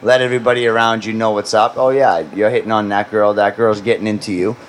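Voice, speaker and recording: A man's voice: on the low side, little pitch movement, quick pace, slight background noise. A man in his thirties co-hosting a podcast, talking in a blunt, profane, laid-back way. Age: 30s. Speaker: podcast co-host. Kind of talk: casual podcast chat.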